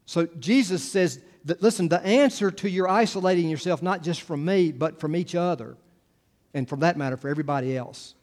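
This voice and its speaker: A man's voice: fairly high pitch, a little fast, darkish tone. A man preaching a sermon to a congregation, speaking in a conversational way with frequent restarts and asides. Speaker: pastor.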